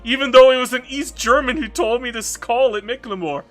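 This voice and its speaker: A man's voice: very high-pitched, steady tone, fairly quick, a bit bright, soft background music. A Canadian man with a Canadian accent giving casual, ranting commentary while playing a strategy game, swearing freely and repeating himself. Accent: Canadian English.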